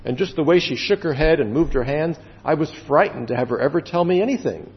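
A male pastor preaches in a slightly high, very lively voice, leaning on slow, drawn-out words and then falling quiet. The sound is dull and carries a long hall reverb. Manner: earnest, with slow drawn-out emphasis and sudden drops to quiet. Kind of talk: sermon.

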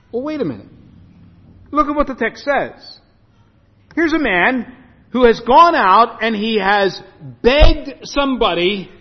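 A man preaching a sermon to his congregation, lively and animated, acting out the scripture story in voices. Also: very high-pitched. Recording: muffled echoey hall.

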